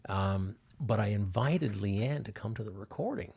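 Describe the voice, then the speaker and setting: A man's voice: fairly low pitch, animated, moderate pace, gravelly, a little mellow, slightly rough. An older man, a filmmaker guest on a podcast, telling stories casually with lots of fillers and restarts. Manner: rambling, many restarts and fillers. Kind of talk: casual storytelling interview.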